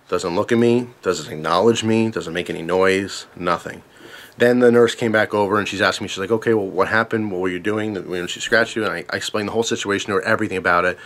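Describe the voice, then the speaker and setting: A man's voice: fairly low pitch, a bit bright. A man casually telling a story to camera, earnest and emphatic, repeating himself when tense.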